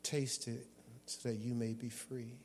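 A man preaching a sermon as a guest preacher, calling out to the congregation and shouting at times. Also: medium pitch, flat delivery, unhurried. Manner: call-and-response preaching with bursts of shouting. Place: church sanctuary. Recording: long hall reverb.

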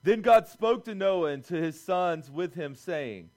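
A young man preaching a lively, conversational sermon to a youth group, acting out quoted voices as he goes. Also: high-pitched, unhurried. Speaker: youth pastor.

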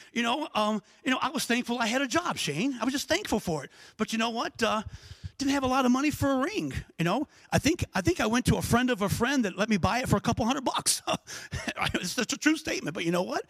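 A man preaching a sermon as pastor, animated and conversational, tossing in frequent asides to the congregation. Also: high voice, no room sound.

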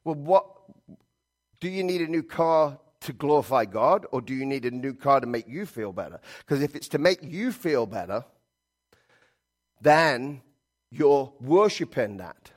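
A middle-aged man preaching a sermon, emphatic and repetitive, swinging between loud stresses and quiet asides. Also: mid-range voice, expressive, a little slow. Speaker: pastor.

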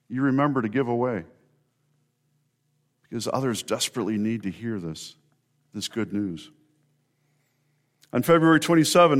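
A middle-aged man delivering an Easter sermon. His voice sits at an ordinary pitch, and he speaks earnestly. He pauses between phrases and builds emphasis as he tells the story. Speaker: pastor.

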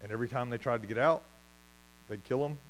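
A man preaching a sermon as pastor, telling stories with lively asides and laughing at his own jokes. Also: mid-range voice, fast, poor audio.

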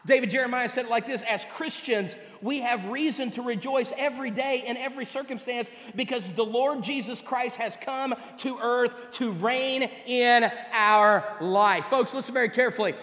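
Male pastor, very high voice, emphatic sermon delivery, recorded in a reverberant hall. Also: normal speed, few pauses, a bit bright. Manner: emphatic, with repeated words and rising and falling delivery. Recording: echoey hall with long reverb.

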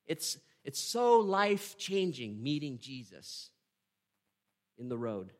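A man giving a devotional Bible teaching. He reads scripture aloud and reflects on it with emotion and slow emphasis. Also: medium pitch, big pitch swings. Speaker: preacher.

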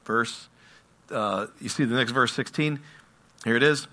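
A man preaching a sermon, animated and asking his listeners questions. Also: medium pitch, unhurried. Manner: animated, asks the audience questions. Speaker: pastor.

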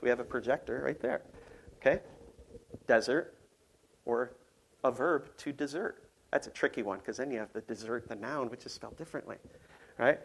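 A man preaching a casual, conversational sermon, playful and full of ums and restarts. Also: mid-range voice. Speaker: pastor.

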